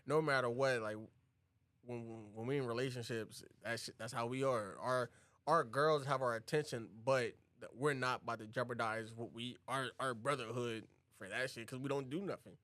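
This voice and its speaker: A man's voice: normal speed, no echo. A man co-hosting a podcast, casually recapping a film and acting out the characters' lines. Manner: animated, acts out characters' lines in a high voice. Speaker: podcast co-host.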